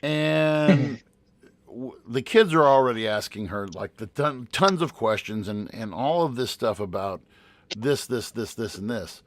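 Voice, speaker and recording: A man's voice: medium pitch, animated, unhurried, dry recording. A man co-hosting a casual podcast who works as a teacher, rambling and restarting as he reads out numbers. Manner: rambling, with many restarts while reading out figures.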